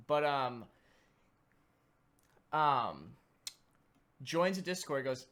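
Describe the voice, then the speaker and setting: Young male podcast co-host, casual and profane, animated storyteller. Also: medium pitch, unhurried, long pauses. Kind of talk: casual chat.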